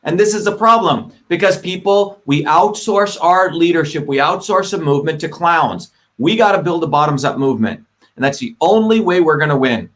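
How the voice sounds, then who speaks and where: A man's voice: a little high, expressive, moderate pace, fairly bright tone. Emphatic, combative man hosting a livestream. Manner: emphatic, combative, repeats points, swears. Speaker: host of a live online show. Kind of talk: live-stream monologue.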